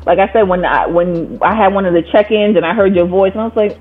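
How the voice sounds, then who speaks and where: A woman's voice: mid-range voice, quick pace, crowd noise. A woman guest on a podcast, telling her story in casual conversation and acting out the voices she quotes. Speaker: guest, coaching client. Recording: tinny phone-like line.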